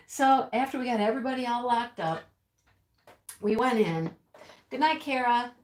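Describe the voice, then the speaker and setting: Lightly acted and a little slow, a fairly high female voice belongs to an actress portraying a chatty middle-aged woman on a livestream. Animated, she giggles breathlessly through a dramatic rooster tale for viewers in this comedy monologue, recorded with roomy echo.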